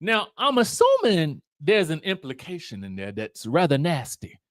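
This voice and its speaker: A man with a voice on the high side recaps a reality show at a moderate pace, chatty and emphatic. He tells it like an animated story, acting out the cast's quotes in raised voices.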